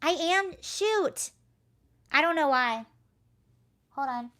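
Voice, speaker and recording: A woman with a high voice talks casually on her live stream. She rambles through a story, breaks off to answer comments, and speaks into a computer mic at home. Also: expressive, takes it slowly, a bit bright. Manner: chatty, rambling, reads chat aloud. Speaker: livestream host.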